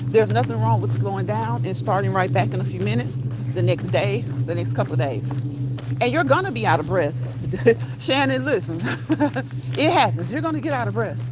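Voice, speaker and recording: A woman hosting a casual walk-and-talk fitness livestream, chatting with her live chat and laughing often as she walks outdoors with her phone. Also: medium pitch. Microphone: phone held while walking. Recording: outdoor phone audio with loud background noise.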